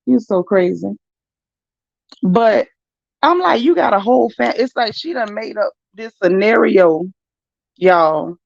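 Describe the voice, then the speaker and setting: Female livestream host, gravelly and chatty, reading viewer comments. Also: medium pitch, takes it slowly, pauses often, no echo, muffled recording. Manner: chatty, animated, talks straight to viewers. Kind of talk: casual livestream chat.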